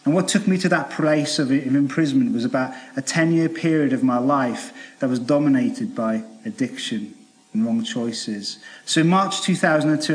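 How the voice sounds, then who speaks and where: A Welsh man in his thirties, a charity worker, telling his life story earnestly to a church audience, with many fillers and restarts. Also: mid-range voice. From Wales. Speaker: charity debt worker giving testimony. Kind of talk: testimony talk to a church audience.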